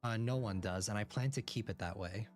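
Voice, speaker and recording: A man's voice: lowish voice, soft background music. Man reading a visual novel aloud. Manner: narrates in first person, breaks off for quick reactions. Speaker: streamer.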